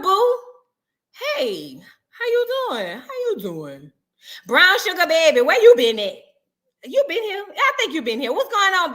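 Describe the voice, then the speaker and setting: Bright high-voiced New Orleans woman. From New Orleans, Louisiana. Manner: animated, playful, calls viewers boo and girl. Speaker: livestream host. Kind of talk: casual livestream chat greeting viewers.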